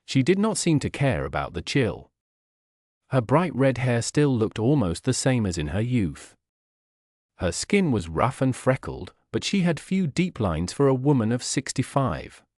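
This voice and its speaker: Casting: male audiobook narrator for learners, clear and plain, lively pitch, dry close sound. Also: measured pace, no room sound.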